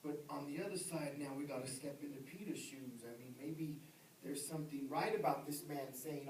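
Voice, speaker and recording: A man preaching a sermon as pastor, rising to shouts and dropping to hushed words, repeating himself as he builds. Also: fairly high pitch, steady tone, normal speed, slight background noise. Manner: swings from shouted emphasis to near-whisper, repeats words. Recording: echoey room heard from a distance.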